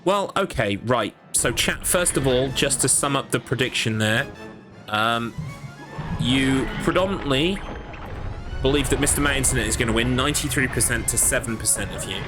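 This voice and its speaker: A man's voice: medium pitch, expressive, normal speed, music in the background. A man hosting a livestreamed game race, commentating in a dry, joking way and laughing often.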